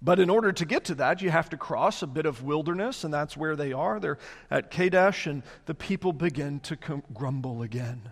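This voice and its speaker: A man preaches in an animated way, often slipping into mocking voices for the complainers in his story. His voice sits high and moves up and down a lot. It rings with long reverb in a large hall. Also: normal speed. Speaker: pastor. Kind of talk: sermon.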